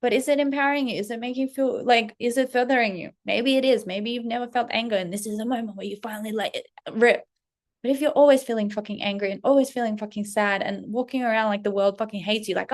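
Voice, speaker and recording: A woman vlogger telling a personal story, animated, profane and confessional. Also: on the high side, fast talker. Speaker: self-development vlogger. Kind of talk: casual storytelling vlog.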